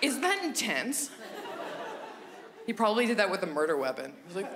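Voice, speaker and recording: A woman in her thirties performing a goofy stand-up set on a theatre stage into a handheld microphone, slipping into squeaky and whispery character voices. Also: big pitch swings, fairly quick, pauses often. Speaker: stand-up comedian. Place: comedy theatre stage with audience. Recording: live theatre recording with audience noise.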